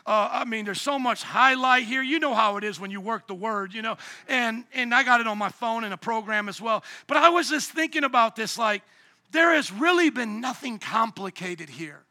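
A middle-aged man preaching a sermon as pastor, lively and acting out the people he quotes. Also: extremely high pitch, no echo, studio quality.

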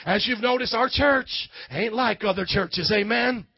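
A male pastor with a Southern US accent preaching a fiery, shouting sermon, in a dull, muffled recording. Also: high voice, unhurried, vocal fry, husky, no room sound.

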